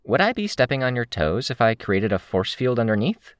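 A man voicing Crystal, a brisk, teasing young heroine in an audiobook, in a raised, light voice. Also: medium pitch, big pitch swings, clean tone, no echo, clean studio sound, pitched above the performer's own voice, close to an everyday voice. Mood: helpful.

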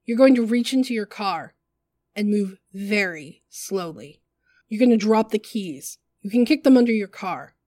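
A woman's voice: mid-range voice, lively intonation, normal speed, darkish tone, no echo, natural voice. A woman playing a crude menacing villainess. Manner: coarse, profane, commanding.

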